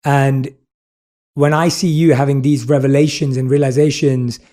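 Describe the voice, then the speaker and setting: A man's voice: medium pitch, level tone, normal speed, mellow. A British man hosting an interview, talking earnestly and with lots of praise. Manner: earnest, effusive, reads aloud from a book. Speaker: podcast host. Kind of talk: casual interview chat.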